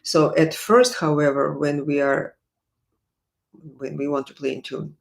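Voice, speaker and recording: A woman's voice: sits low, fairly even intonation, unhurried, gravelly. A woman teaching violin on a live stream, answering viewers' questions in a chatty, encouraging way full of fillers and restarts. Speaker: violin professor.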